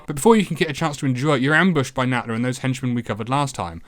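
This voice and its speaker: A man narrating a retro game review in a sardonic, deadpan voice, swearing freely as he picks the game apart. His pitch sits in an ordinary middle register, and his delivery stays dry and mocking throughout. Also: fast, hardly any pauses.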